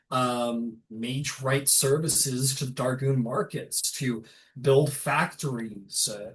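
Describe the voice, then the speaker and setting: A man's voice: mid-range voice, slight background noise, close to an everyday voice, low-quality recording. A man voicing a scheming noble baron, persuasive and businesslike in a fantasy game.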